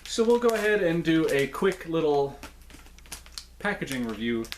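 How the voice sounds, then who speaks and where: A man's voice: a little high, very animated, normal speed, slight background noise. A man reviewing snacks in a casual, chatty way, with playful jokes and asides.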